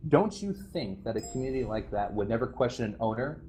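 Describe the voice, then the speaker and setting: Speaking into a voice chat mic, a former game server staffer gives players an impassioned, wandering talk about the community he left, repeatedly restarting and laughing nervously. His medium-pitched, darkish voice is expressive and quick, with faint music playing behind him.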